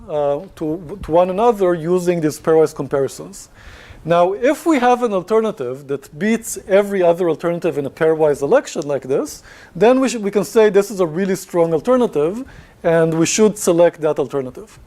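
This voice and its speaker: A man's voice: sits high, warm tone. A man giving a university lecture, talking to the class in a conversational way with many fillers and questions.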